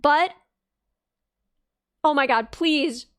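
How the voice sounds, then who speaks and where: High-voiced woman chatting on stream. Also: very slow, dry recording, studio quality. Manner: animated, bouncy pitch, mocking voices. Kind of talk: casual live-stream chat.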